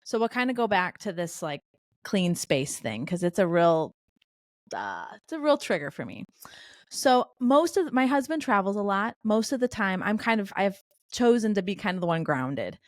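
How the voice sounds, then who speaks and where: A woman's voice: mid-range voice, big pitch swings, moderate pace, no room sound, studio quality. A middle-aged woman as a podcast guest, telling candid stories full of quoted dialogue in a conversational way. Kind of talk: conversational interview storytelling.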